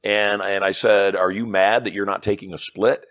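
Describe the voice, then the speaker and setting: A middle-aged man with a fairly low voice, talking as an interview guest. He tells stories with energy and plays out both sides of each conversation. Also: moderate pace. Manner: animated storyteller acting out dialogue. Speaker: guest, hypnotist and persuasion trainer. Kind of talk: storytelling interview chat.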